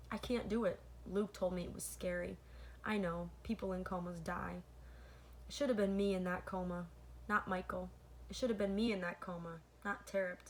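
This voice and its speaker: A woman reads a children's novel aloud in a mid-range voice. She fixes her own slips as she goes and breaks off now and then to talk to her listeners directly. A faint hiss sits under the recording. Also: medium pitch. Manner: stops to comment to listeners between passages. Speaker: read-aloud host.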